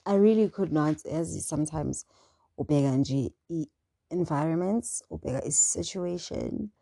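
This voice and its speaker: A young South African woman hosting her own show, talking in an animated, indignant monologue. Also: low-pitched, a little slow, gravelly, dry recording. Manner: animated and indignant, mixing English with local words. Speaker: podcast host. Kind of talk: casual monologue.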